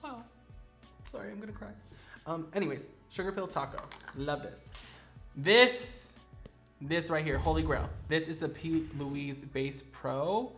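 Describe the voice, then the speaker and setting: A man's voice: a little high, unhurried, a bit bright, faint music behind. A man who performs in drag, chatting sassily and playfully about favorite makeup products in a studio vlog. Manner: sassy, chatty, playfully dramatic.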